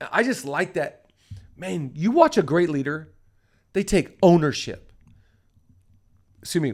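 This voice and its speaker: A middle-aged man hosting a leadership podcast, talking in an emphatic, preacher-like way and repeating phrases for stress. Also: fairly high pitch. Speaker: pastor and podcast host.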